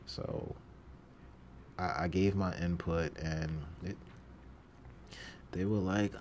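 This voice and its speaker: A man with a low, deep voice hosts a podcast in a loose, casual monologue about his old jobs. He acts out the people he quotes in lively voices and laughs often. Faint noise hangs behind him. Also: slow, pauses often. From New York City. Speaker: podcast host.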